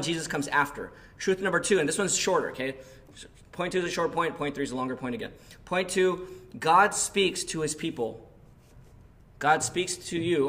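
Man preaching a casual sermon. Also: fairly high pitch. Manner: conversational, animated when retelling, many fillers. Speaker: pastor. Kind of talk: sermon with personal story.

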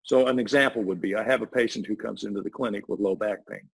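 A fast-talking guest with a fairly low, creaky, slightly rough voice explains a voice technology. His casual talk is loose and rambling, full of restarted sentences. The audio is poor.

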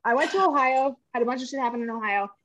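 A woman's voice: high voice, fast talker, poor audio. A woman co-hosting a podcast, telling a long story in casual chat, swearing freely and acting out the people in it. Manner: animated, swearing, laughing, acts out voices in her story. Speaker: podcast co-host.

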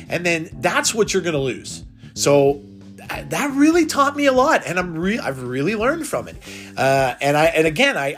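A man's voice: high voice, a bit bright. A man hosting a solo podcast, talking off the cuff and rambling, with frequent restarts and repeated words. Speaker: podcast host. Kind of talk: unscripted solo podcast talk.

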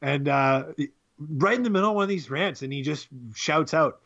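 A man's voice: a little high, moderate pace, fairly bright tone, lo-fi sound. A young man co-hosting a podcast, rambling and laughing as he tells stories, swearing freely. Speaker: podcast co-host. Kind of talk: casual chat.

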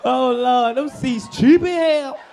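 A man doing profane live crowd-work comedy on stage, loud and laughing at his own jokes. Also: very high voice, takes it slowly, creaky, faint music behind. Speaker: stand-up comedian working the crowd. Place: live club show.

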